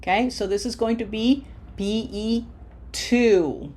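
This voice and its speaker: Slow, patient woman teaching pronunciation. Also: a little high, darkish tone. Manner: patient, repeats drills step by step, slows down to model words. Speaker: Spanish teacher. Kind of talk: recorded online lesson.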